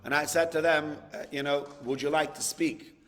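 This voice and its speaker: A man's voice: fairly high pitch, flat delivery, normal speed, a bit bright, long reverb tail. A man, a rabbi, giving a conversational sermon, acting out dialogues and repeating words for emphasis.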